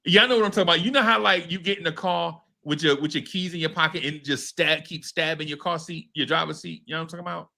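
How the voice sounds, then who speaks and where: A fast, gravelly male voice on the high side barely pauses as he hosts a podcast. He tells his story in slangy chat, lively and swearing, acting out each quote.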